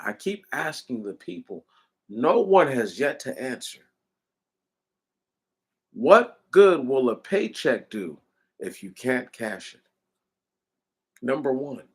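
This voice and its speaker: A man's voice: medium pitch, fairly bright tone. A man delivering an impassioned commentary, hammering his points with repeated rhetorical questions in a preaching cadence.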